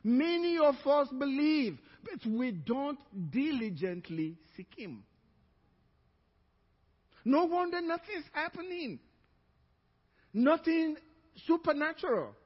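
A pastor preaching a sermon, telling stories and acting out the people in them. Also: male voice, very high-pitched, big pitch swings, takes it slowly, pauses often. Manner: storytelling, acts out quoted voices. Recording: muffled church recording, long reverb.

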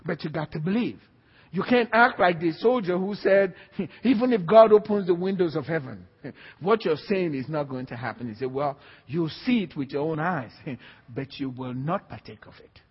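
High-voiced preacher in an echoey hall. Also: male voice, animated, normal speed, husky. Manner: emphatic, repetitive preaching with call-and-response. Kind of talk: sermon. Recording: dull, echoey hall recording.

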